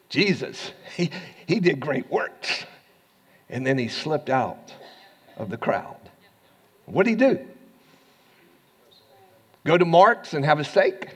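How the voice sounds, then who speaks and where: A man with an American accent preaching a sermon as pastor, swinging from hushed asides to loud, rising lines and laughing often. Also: on the high side, sing-song, takes it slowly, pauses often, husky, big-room sound.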